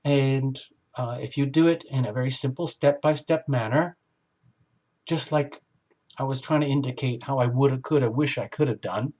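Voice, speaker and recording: Animated rambling male tarot reader. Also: medium pitch, moderate pace. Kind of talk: casual spoken tarot reading.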